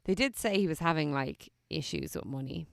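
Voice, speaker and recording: A woman co-hosting a casual chat podcast, blunt and quick with wry one-liners. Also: deep voice, expressive, vocal fry, dry recording, clean studio sound. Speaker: podcast co-host.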